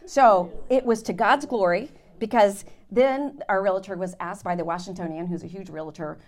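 A woman Bible teacher giving an animated, dramatic testimony to her class, with laughs. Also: mid-range voice, moderate pace, hardly any pauses. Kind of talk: sermon storytelling.

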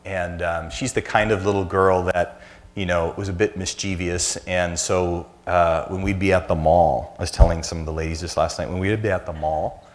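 Deep-voiced man telling stories in a sermon. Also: steady tone, normal speed. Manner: anecdotal, self-deprecating storyteller. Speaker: church speaker. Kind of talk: conversational sermon.

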